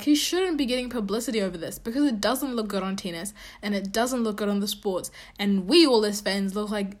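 A woman giving her opinions on tennis in a casual, animated and opinionated monologue that rambles with restarts. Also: fairly high pitch. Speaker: tennis commentator.

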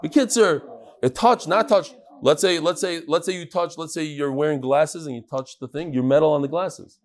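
A man teaching a live Talmud class, lively and chatty, teasing his audience. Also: a little high, normal speed.

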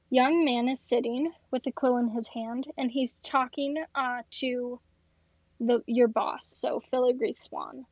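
Woman game master, high voice, casual filler-heavy narration, dull dry recording. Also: a little mellow, no room sound.

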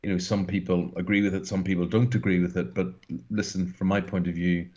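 A man's voice: low-pitched, flat delivery, fairly quick, darkish tone, muffled recording. A Northern Irish man in his sixties speaking as an interview guest, talking in an earnest, emphatic and rambling way. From Northern Ireland. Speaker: guest broadcaster. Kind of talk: casual interview talk.

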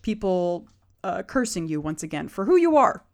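A woman's voice: fairly low pitch, sing-song, moderate pace, a little mellow. A woman narrating as game master of a tabletop game, casual with many fillers.

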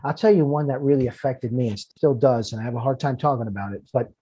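Earnest, husky-voiced man telling stories. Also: medium pitch, fast, warm tone. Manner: earnest, repeats words when moved. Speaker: firefighter and author, podcast guest. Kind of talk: emotional personal storytelling.

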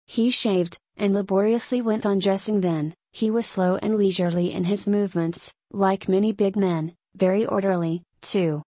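A woman narrating a story as an audiobook in a measured storytelling way. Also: mid-range voice, mellow, no room sound.

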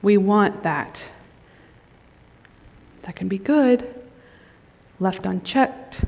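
A woman's voice: mid-range voice, expressive, very slow, gravelly, pauses often, darkish tone. A woman giving a conversational sermon at a conference, often checking in with the crowd. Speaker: conference speaker. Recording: long hall reverb.

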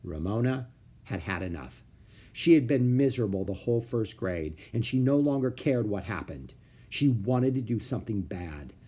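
A man reading a children's book aloud with expressive storytelling. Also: fairly low pitch, moderate pace, slightly rough. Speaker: narrator.

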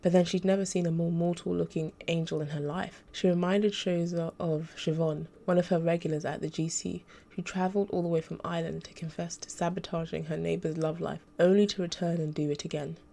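A woman narrating an audiobook extract in a steady, measured reading style. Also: fairly low pitch, gravelly.

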